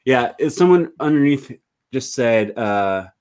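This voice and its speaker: A man's voice: mid-range voice, animated, measured pace, darkish tone. Rambling male live-stream host. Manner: rambling, many fillers, reads comments aloud.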